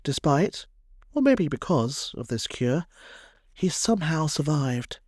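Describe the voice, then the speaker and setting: A man's voice: on the high side, big pitch swings, takes it slowly, a little mellow, no room sound. A man narrating a scripted history tale in a wry storytelling way, with dry humorous asides.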